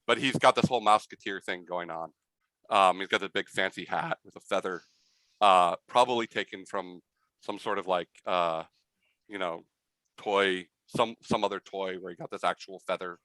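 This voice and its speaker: Man running a tabletop game, lowish voice, bright tone, dry sound, rambling fillers. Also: moderate pace, no echo, rough recording. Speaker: game master.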